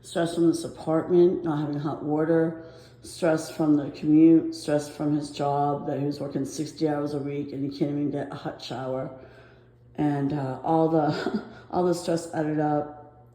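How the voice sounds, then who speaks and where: A woman's voice: deep voice, little pitch movement, moderate pace, mellow, echoey room, rough recording. A woman talking to her phone camera in a rambling, anxious way, out of breath, with nervous laughs. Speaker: vlogger filming her apartment complaints. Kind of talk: casual walking vlog.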